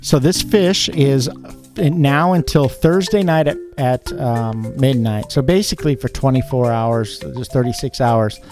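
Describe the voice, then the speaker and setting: Music plays in the background as a man with a mid-range voice, speaking a little slowly, co-hosts a live fish-keeping show online. His talk is loose and rambling, packed with fillers, while he handles a giveaway.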